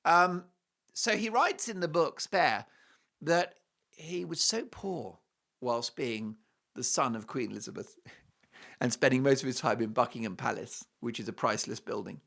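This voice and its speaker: Animated male talk host. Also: mid-range voice, normal speed, vocal fry. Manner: animated, jokey, emphatic. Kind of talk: opinionated commentary with a read ad.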